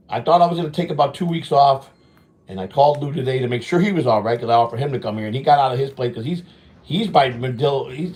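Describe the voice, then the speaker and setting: A man's voice: medium pitch, a little mellow. Rambling profane man, casual vlog talk. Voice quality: profane, repetitive, says "man" often. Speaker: vlog host. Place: home during a hurricane.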